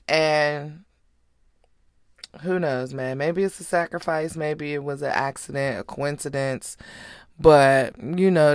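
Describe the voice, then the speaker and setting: A woman's voice: deep voice, smooth, no echo, studio quality. Blunt, profane woman podcast host. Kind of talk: casual commentary.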